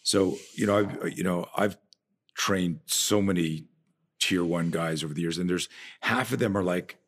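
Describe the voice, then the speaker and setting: A man who trains people in martial arts and fear management, telling stories on a podcast in an animated way, often trailing off and restarting his sentences. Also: sits low, normal speed. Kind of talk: conversational podcast storytelling.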